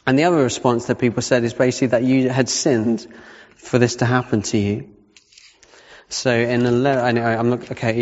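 A man giving a conversational sermon, reading Bible passages aloud and breaking off to rephrase. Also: medium pitch. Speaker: preacher. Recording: muffled sound with long reverb in a hall.

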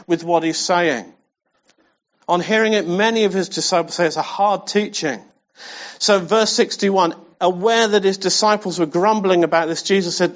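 A male preacher with a high voice delivers a sermon in a casual, conversational style. He talks straight to his listeners and drives points home by repeating them. The recording is muffled and lo-fi. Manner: conversational, speaks directly to the congregation; emphatic, repeats key phrases. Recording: dull lo-fi sound.

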